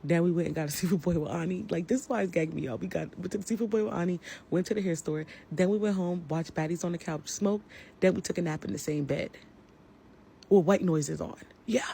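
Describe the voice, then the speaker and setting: A woman's voice: lowish voice, brisk, creaky, warm tone, a little hiss or hum. A woman giving an angry, profane rant to the camera about a falling-out with a friend. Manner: heated, profane, confrontational. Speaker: social media personality.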